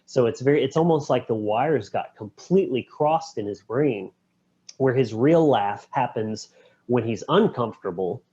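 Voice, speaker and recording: A man co-hosting a podcast, retelling film scenes in an animated way with quick voice impressions. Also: medium pitch, breathy edge. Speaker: podcast co-host. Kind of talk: casual film discussion. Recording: dull, lo-fi podcast audio.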